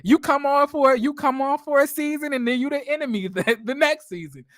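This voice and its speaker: A woman's voice: high voice, fairly quick, a bit bright, no echo, studio quality. A woman casually recapping a reality TV episode, talking bluntly and chatty, with frequent laughter and cursing.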